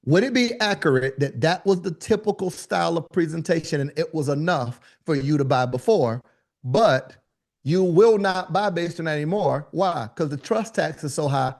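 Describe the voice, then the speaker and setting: Lively man coaching a workshop crowd. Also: fairly high pitch, normal speed, vocal fry. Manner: animated, joking asides, talks to the room directly. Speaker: business speaking coach. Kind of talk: live workshop teaching.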